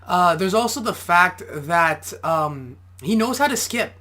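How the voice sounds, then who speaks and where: A man's voice: high voice, lively intonation, measured pace, sharp tone. A man, an amateur boxer, giving casual reaction commentary and explaining boxing technique step by step.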